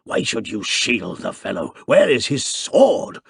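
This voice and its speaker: A man's voice: on the low side, sing-song, a little slow, gravelly, breathy edge, dry recording, studio quality, full character voice. A man reading aloud, voicing a hateful, blustering old Scottish lord in a thunderous whisper. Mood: angry, blustering.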